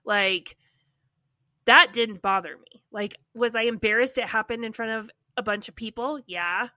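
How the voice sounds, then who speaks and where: A woman podcast co-host telling a personal story in a casual, animated way, filling her speech with "like.". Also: on the high side, moderate pace, no echo. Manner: animated, heavy use of "like".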